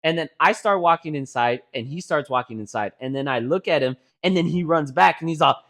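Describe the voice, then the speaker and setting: A young man co-hosting a podcast, telling a story in casual chat, animated and profane, acting out quotes with sudden shouts. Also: on the high side, fairly quick. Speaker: podcast co-host.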